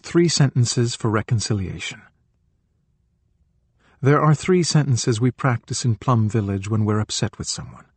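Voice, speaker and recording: Husky-voiced man narrating an audiobook. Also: mid-range voice, measured pace, darkish tone, no room sound. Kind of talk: calm scripted narration of a spiritual book.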